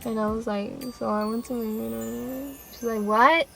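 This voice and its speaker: A young woman vlogger telling a rambling, animated storytime, laughing and acting out quotes as she goes. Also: on the high side, slow, creaky, soft background music, rough recording. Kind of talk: casual storytime.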